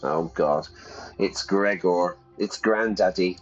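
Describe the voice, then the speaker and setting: A low-voiced man reads a story game aloud, stopping to chat and ask his viewers what he should choose. His delivery is casual and talkative. The recording is a little dull, with faint music running underneath. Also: slow pace. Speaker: streamer and English teacher. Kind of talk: live game stream, reading aloud.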